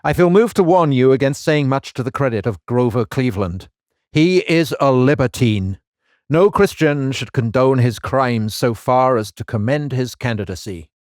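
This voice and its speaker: A man putting on an American accent to read aloud a stern older male minister's letter of denunciation, solemn and measured. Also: medium pitch, animated, a little mellow, dry recording, clean studio sound, close to an everyday voice. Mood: denouncing. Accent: American, put on. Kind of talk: dramatic reading of a letter.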